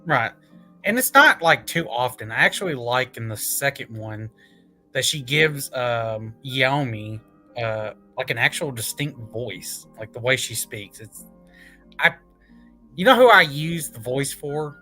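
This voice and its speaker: An excitable man hosts a casual comic review, his voice bright and forceful as he laughs and swears his way through his opinions. His pitch sits at an ordinary middle, with faint music playing underneath. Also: a little slow.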